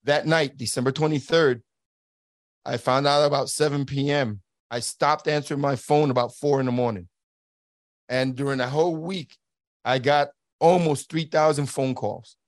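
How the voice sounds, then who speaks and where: A man's voice: mid-range voice, steady tone, moderate pace, no room sound, studio quality. A middle-aged man, a guest, telling a personal story earnestly, acting out the lines of the people he quotes and often restarting his words. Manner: earnest, acts out quoted dialogue. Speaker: guest, former border agent. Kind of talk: conversational storytelling.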